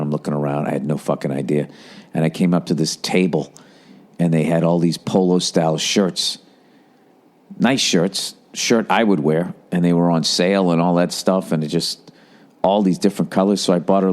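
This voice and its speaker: A middle-aged man hosting a podcast, telling a rambling, profane story and nursing a lingering cough. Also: low voice. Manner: profane, rambling, animated impressions. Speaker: podcast host. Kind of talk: casual storytelling monologue.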